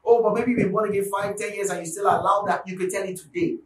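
A high-pitched man delivers a fiery sermon, repeating key lines for force and rising into shouts. He sounds set back from the mic in an echoing space, with a faint hum of noise underneath. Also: steady tone, fast talker. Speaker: preacher. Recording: echoey room, mic at a distance, faint background noise.

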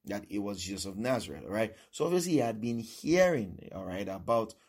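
A man's voice: lowish voice, big pitch swings, fairly quick, a little mellow, husky. A male preacher giving a sermon who repeats his points and keeps asking "all right?".

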